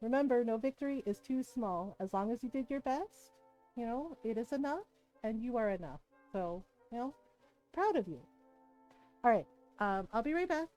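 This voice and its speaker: High-voiced, animated middle-aged woman streamer. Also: moderate pace, faint music behind, rough recording. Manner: animated, laughing storyteller, swears freely; gentle and encouraging when giving stream notices. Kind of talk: casual chat while streaming a game.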